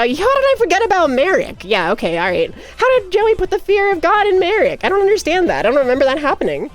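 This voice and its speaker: A woman chatting casually on a livestream, giggly and playful. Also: a little high. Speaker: streamer.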